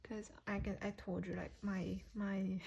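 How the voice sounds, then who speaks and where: A woman's voice: medium pitch, flat delivery, normal speed, gravelly, darkish tone, slight background noise. A woman giving a casual tarot reading to viewers, chatty, laughing often and correcting herself as she goes. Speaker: tarot reader.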